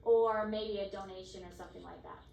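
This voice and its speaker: A woman's voice: medium pitch, fairly even intonation, fairly quick, gravelly, warm tone. A woman anatomy instructor in casual classroom talk, chatty and teasing, with loose fillers. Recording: echoey room, distant mic, faint noise.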